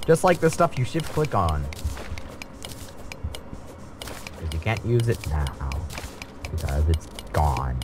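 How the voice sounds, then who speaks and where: A man's voice: low voice, wildly swooping pitch, takes it slowly, long pauses, over music. A man chatting casually while playing a video game, rambling through silly jokes and stories. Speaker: let's play co-host. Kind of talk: casual gaming commentary.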